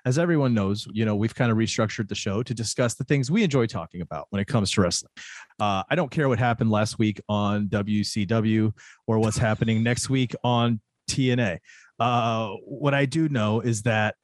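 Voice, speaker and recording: A man's voice: on the low side, normal speed, dry recording. A man co-hosting a casual wrestling podcast, talking loosely with restarts and fillers. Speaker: podcast co-host.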